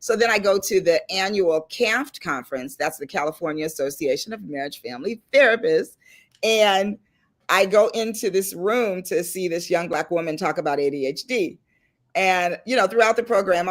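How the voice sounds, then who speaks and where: Woman host, middle-aged, lowish voice, animated storyteller, casual chat. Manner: lively storyteller, animated and laughing. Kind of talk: casual chat on a video call panel.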